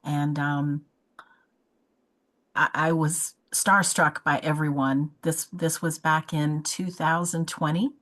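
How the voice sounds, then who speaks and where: A woman's voice: low voice, little pitch movement, takes it slowly, a bit bright, rough recording. A woman hosting an interview show, talking in an effusive, chatty way with frequent restarts. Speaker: podcast host. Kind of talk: casual interview chat.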